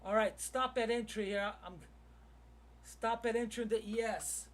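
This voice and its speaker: A man's voice: high voice, moderate pace, fairly bright tone, distant mic. A man who runs a live trading room, commenting on his trades as he streams and thinking aloud to his viewers.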